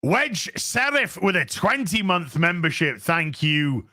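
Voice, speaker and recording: A man hosting a livestream, reading out superchats in an animated, sweary way with quick asides. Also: fairly high pitch. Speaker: streamer host.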